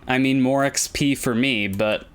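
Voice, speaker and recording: A man streams a game and talks through it at an unhurried pace. His voice is smooth and clean, and he rambles, thinks aloud and hums little tunes to himself between remarks. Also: medium pitch, fairly even intonation. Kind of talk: casual gameplay commentary.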